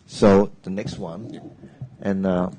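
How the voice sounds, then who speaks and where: A man's voice: deep voice, flat delivery, slow pace, warm tone, no room sound, rough recording. A man, a Cantonese speaker, hosting an English lesson hesitantly, with many fillers and restarts. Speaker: host. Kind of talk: casual teaching chat.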